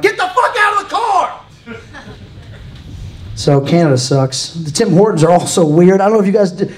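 A man's voice: high-pitched, dark tone, low-quality recording. A man from Louisiana doing a live stand-up set in a comedy club, dry and self-deprecating, chatting with the crowd. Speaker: stand-up comic.

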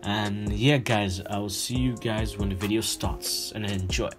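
A man's voice: on the low side, fairly even intonation, unhurried. A young man introducing his gaming video in a rambling, profane way, full of fillers. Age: young adult. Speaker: gaming YouTuber. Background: music.

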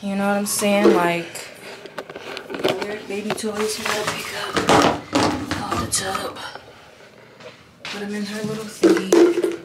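This vlogger talks slowly in a level, medium-pitched tone, pausing often, and the recording is very noisy. She's getting ready at home at night on a tripod-mounted camera. It's a chatty, casual talk aimed at viewers she calls y'all.

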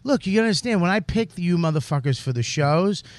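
A man's voice: high-pitched, expressive, fast, dry recording. A man hosting a comedy podcast, brash and swearing, rambling through his points. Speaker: podcast host.

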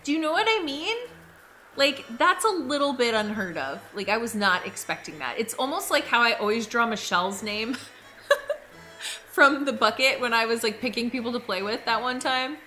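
A woman hosting a casual live stream while gaming, gushing and excitable, with squealing bursts. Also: fairly high pitch, moderate pace, slight background noise. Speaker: streamer host.

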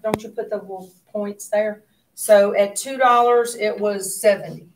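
Recorded at a distance in a roomy classroom, a woman of medium pitch gives an economics lesson. She questions the class and lets her asides fall to near whispers.

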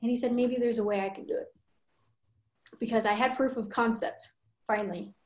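A woman's voice: fairly high pitch, fairly even intonation, fairly quick, a little mellow, echoey room. A woman telling her story and coaching a team with earnest conviction over a video call. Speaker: guest coach.

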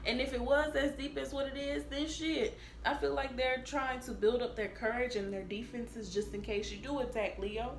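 A woman giving a casual tarot reading, blunt and profane, talking in an animated way. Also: high voice, moderate pace, few pauses, a little hiss or hum. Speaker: tarot reader. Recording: echoey room with faint ambience.

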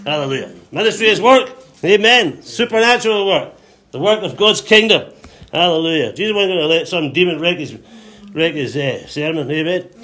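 A man preaching a sermon to a congregation, calling for responses, quoting scripture and acting out voices with sudden high shouts. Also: animated, fairly quick. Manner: call-and-response preaching, frequent hallelujahs.

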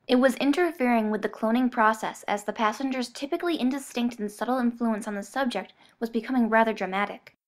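A woman whose voice is on the high side narrates an audiobook, delivering the scripted text in an even, measured storytelling style.

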